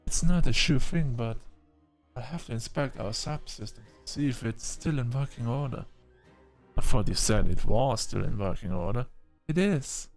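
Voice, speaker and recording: A man's voice: medium pitch, normal speed, soft background music, close to an everyday voice. A man voicing a dutiful, nervous female AI ship navigator who speaks formally and calls the passenger sir. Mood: hesitant. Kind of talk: audiobook character voice.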